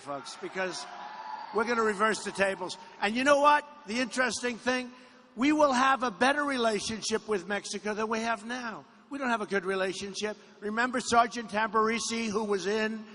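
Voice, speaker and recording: A man's voice: high voice, a little fast, sharp tone. A man giving a rally speech in a hangar, boastful and rambling, often repeating his phrases. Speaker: presidential candidate at a campaign rally. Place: aircraft hangar with a crowd. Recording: echoey hangar, faint background noise.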